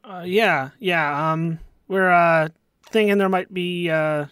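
A man's voice: high voice, slow, a bit bright, clear, resonant tone. Joking man playing his character. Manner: joking, loose, with fillers. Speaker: player.

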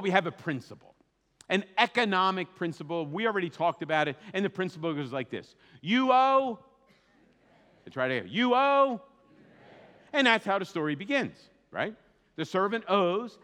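Animated male preacher in a reverberant hall. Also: high-pitched, quick pace. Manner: animated, conversational preaching with asides and restarts. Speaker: pastor. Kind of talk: sermon. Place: church sanctuary.

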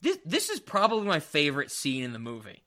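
A man hosting a casual movie podcast, animated, laughing and swearing freely. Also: a little high, fairly quick. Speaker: podcast host. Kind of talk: casual movie review chat.

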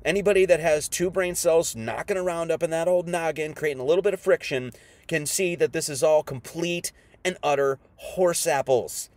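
A man's voice: a little high, moderate pace, a little mellow, no echo. A man preaching an informal sermon, firing off rhetorical questions in a folksy, combative manner.

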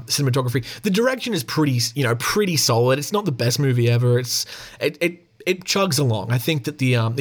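A man talking through a film review in a loose, unscripted way. He rambles, swears freely and chuckles often, with many fillers. His pitch sits in an ordinary middle range for a man. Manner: rambling, frank and profane, with frequent fillers and chuckles. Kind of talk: casual spoken film review.

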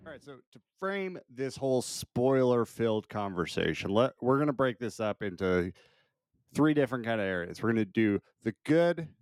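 A man co-hosting a podcast, relaxed and laughing often as he steers a casual chat about a film. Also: medium pitch, normal speed, dry recording, studio quality. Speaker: podcast co-host.

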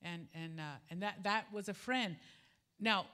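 A middle-aged woman preaching a sermon, telling a personal story and acting out the dialogue in an animated way. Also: moderate pace, smooth. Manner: animated, acts out quoted dialogue with jumps in pitch. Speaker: preacher at a women's gathering.

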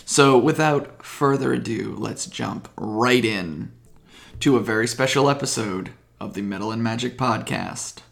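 A man hosting a podcast and narrating a tabletop game as game master, in a lively storytelling manner. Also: medium pitch, a little slow, creaky, reverberant.

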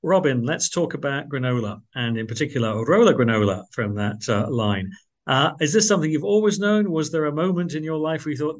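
A man's voice: fairly high pitch, lively intonation, fairly quick. Effusive radio host, man. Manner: effusive, filler-heavy. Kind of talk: radio interview hosting.

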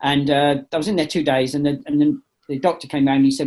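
A middle-aged man, an impressionist, telling a funny story over a video call. He is animated and laughs at his own jokes. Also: fairly high pitch, fast talker, hardly any pauses. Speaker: impressionist and comedian guest. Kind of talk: casual anecdote telling.

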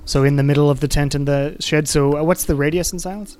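A man's voice: on the high side, fairly even intonation, fast talker, a little mellow. A man narrating as game master in a casual, rambling way, laughing often.

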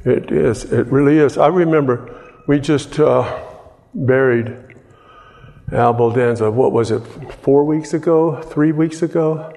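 A man's voice: medium pitch, unhurried, warm tone, big-room sound. A man preaching a sermon as pastor, conversational, often repeating and restarting his phrases.

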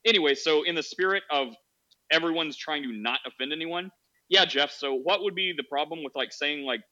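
A man hosts a casual podcast, joking and drifting into long, rambling stories. His voice is forceful and bright and sits a bit high for a man. The sound is dry and slightly dull. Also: fairly quick. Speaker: podcast host. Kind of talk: casual chat.

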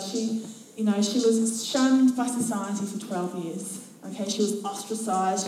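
Delivering a sermon, a New woman acts out quotes as she dramatically retells Bible stories to her church. Her mid-range voice is warm and mellow. The mic sits far off, so heavy echo fills the hall and faint background noise comes through.

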